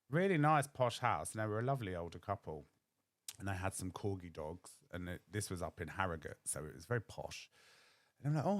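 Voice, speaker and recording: A man's voice: sits low, no echo. A young man, telling a candid personal story on his podcast and acting out other people's voices. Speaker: podcast host.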